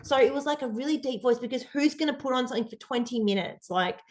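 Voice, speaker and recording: Brief: Australian woman guest, rambling and animated, a slightly high voice. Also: fast talker. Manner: animated, rambling, many fillers. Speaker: podcast guest. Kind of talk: casual interview storytelling.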